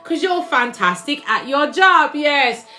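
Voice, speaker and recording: A chatty woman runs a live-stream tarot reading in a brash, loose manner, swearing and calling her viewers babes. Her voice sits fairly high. Faint music plays under her talk. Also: very animated, slow pace, sharp tone. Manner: chatty, brash, swears freely, calls listeners babes and collective.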